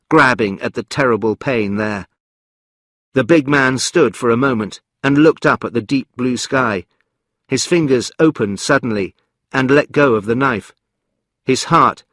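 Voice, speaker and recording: Calm, measured male narrator. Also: medium pitch, dry recording, clean studio sound. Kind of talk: scripted story narration for learners.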